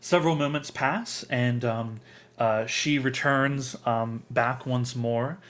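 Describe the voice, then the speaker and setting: Halting man narrating a tabletop game. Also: medium pitch, fairly bright tone. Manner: halting, many ums and uhs. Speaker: game master.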